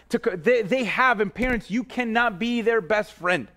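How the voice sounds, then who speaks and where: A male pastor preaching a sermon in a casual, conversational way, speaking straight to parents and kids, often restarting phrases and dropping to a low, quiet voice for emphasis. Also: normal speed.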